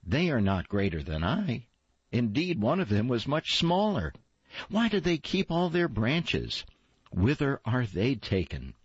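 A man's voice: medium pitch, wildly swooping pitch, unhurried, slightly rough, dry recording, heavily acted. A man voicing a restless young fir tree that longs to be taken away, asking eager questions. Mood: anxious. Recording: dull lo-fi, dry.

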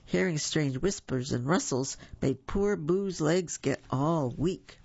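Brief: woman storyteller, husky and a touch gravelly, gentle read-aloud pace, dry dull studio sound. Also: sits low, animated, slow pace, dry recording. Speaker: volunteer reader for a reading service.

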